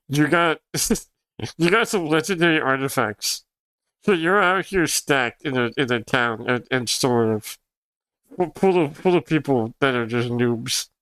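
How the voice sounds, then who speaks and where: A man's voice: fairly high pitch, bright, forceful tone, clean tone, dry recording. A young man whose first language is Spanish, chatting casually on a livestream, rambling and laughing often as he answers chat. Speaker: streamer.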